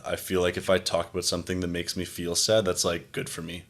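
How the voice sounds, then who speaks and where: Low-voiced young man rambling casually. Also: monotone, fast, vocal fry, hardly any pauses, fairly bright tone. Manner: rambling, frequent "like" fillers, acts out quoted exchanges. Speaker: podcast host. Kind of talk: casual conversation.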